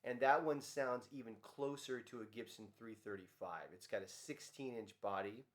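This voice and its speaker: A guitarist casually talking about his guitar in a relaxed, rambling way with lots of ums. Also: mid-range voice, normal speed. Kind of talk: casual gear demo talk.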